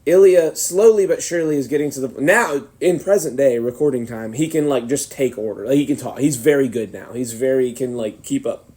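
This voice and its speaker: A man's voice: mid-range voice, brisk, darkish tone. Rambling young man telling a story. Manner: rambling anecdotal storyteller, laughs a lot. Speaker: podcast host. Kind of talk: casual chat, storytelling.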